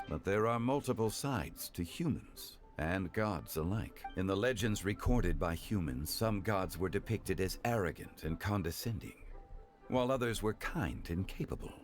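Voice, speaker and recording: A man voicing a calm, wise ancient god in human form, speaking in a measured, formal way in a game. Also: fairly low pitch, close to an everyday voice. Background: game music.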